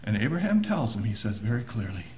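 A man preaching a sermon, swinging between hushed, low passages and loud, emphatic bursts. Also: big pitch swings, fast, reverberant, low-quality recording.

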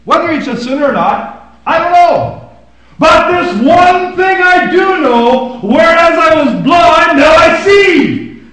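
Healed blind man, defiant and slow, high and loud, as a preacher acts him out, echoey room. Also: lively intonation, heavily acted. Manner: slow, emphatic, raised declaration.

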